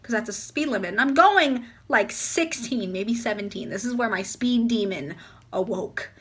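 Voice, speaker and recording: A woman's voice: on the high side, animated, moderate pace, a bit bright, breathy edge. A young woman telling a story in a casual vlog, rambling and chatty with lots of filler words. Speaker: vlogger.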